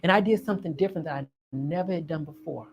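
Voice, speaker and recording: A woman's voice: sits low, fast talker, muffled recording, a little hiss or hum. A woman telling a personal story, dramatic and vivid, acting out each scene and calling the listener honey. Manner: dramatic, acts out scenes and voices.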